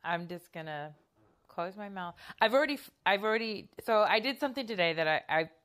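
A woman's voice: medium pitch, expressive, brisk, fairly bright tone. A woman telling a story in casual podcast chat, rambling and self-conscious with many fillers and restarts.

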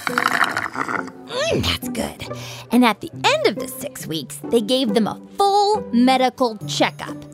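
A woman co-hosting a comedic kids' science show, goofy, excitable and playful. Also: high-pitched, moderate pace, few pauses, over loud music. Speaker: co-host.

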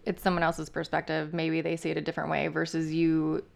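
A woman co-hosting a casual podcast in a low, creaky voice. She pokes fun at herself and laughs easily. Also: monotone, fairly quick. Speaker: podcast co-host. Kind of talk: casual chat.

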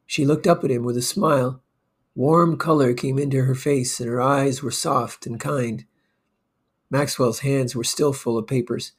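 A man reading a story aloud in a slow, measured way. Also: mid-range voice, steady tone, husky. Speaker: narrator.

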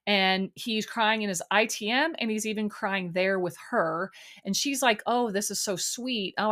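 A woman's voice: medium pitch, fairly bright tone. A woman talks on her own in a casual recap podcast. She rambles with plenty of fillers. Her frustration keeps breaking through. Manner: chatty, exasperated, full of ums and likes. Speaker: podcast host.

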